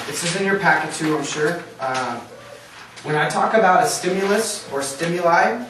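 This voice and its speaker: Guy running a training session, keeps quizzing the room, voice kinda high, really echoey and far off. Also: noisy background. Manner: quizzing the audience, checking for understanding. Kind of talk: training workshop lecture.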